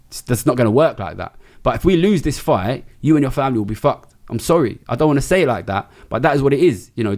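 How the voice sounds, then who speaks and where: Man, middle-aged, from Britain, rapid delivery, blunt and sweary interview guest. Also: mid-range voice, a little mellow. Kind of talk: candid interview talk.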